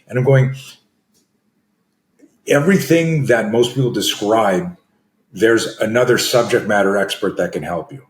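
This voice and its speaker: A man's voice: on the low side, moderate pace. A middle-aged man, a self-defense coach, answering interview questions in a loose storytelling way with frequent fillers and restarts. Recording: echoey room.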